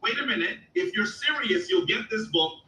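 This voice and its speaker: A man's voice: high-pitched, lively intonation, normal speed, bright, forceful tone. A man hosting a heated live debate, insistent and cutting in to demand evidence, heard as distant, echoey call audio. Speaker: host of a debate show.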